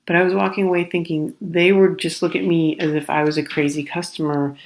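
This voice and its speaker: A woman hosting a podcast, telling a comedic story in an animated, rambling way and acting out the other people in it. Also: fairly low pitch, brisk. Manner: exasperated, rambling retelling. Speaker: podcast host.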